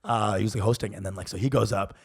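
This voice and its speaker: A man's voice: lowish voice, fairly even intonation, fast, creaky, husky. A man co-hosting a comedy podcast, telling rambling, profane stories and laughing often. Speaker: podcast co-host. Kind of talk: casual comedic chat.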